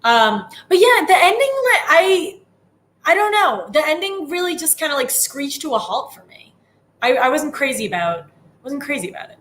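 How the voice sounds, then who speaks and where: A woman co-hosts a relaxed podcast chat and goes along with her partner, adding the odd wry remark. Her voice sits a little high and stays easygoing. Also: moderate pace. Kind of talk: casual chat.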